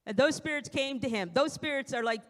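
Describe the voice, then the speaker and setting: A woman's voice: high-pitched, fairly quick. Woman preaching in reverberant church. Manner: conversational preaching with acted-out quotes. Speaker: church speaker. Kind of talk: evening sermon. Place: church sanctuary. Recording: long church hall reverb.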